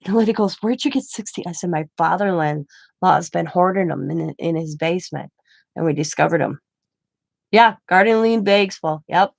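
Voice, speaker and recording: A woman's voice: fairly low pitch, moderate pace, creaky, no echo. Chatty Midwestern woman, dry close sound. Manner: rambling storytelling with quoted dialogue. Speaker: craft channel host. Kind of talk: casual chat to camera.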